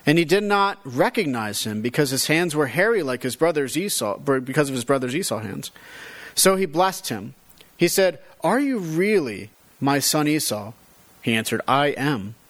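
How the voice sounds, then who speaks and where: Guy reading a bible story then breaking it down, voice sits a bit high, leans into the quoted lines. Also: very animated, moderate pace, fairly bright tone. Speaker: Bible teacher. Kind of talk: scripture reading and commentary.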